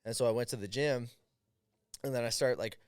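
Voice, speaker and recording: A man with an American accent tells a story on a podcast, his voice smooth and resonant and the room around him dry. He talks casually with lots of fillers and acts out the people he quotes. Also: mid-range voice, a little fast, darkish tone, no room sound. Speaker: podcast guest, fighter.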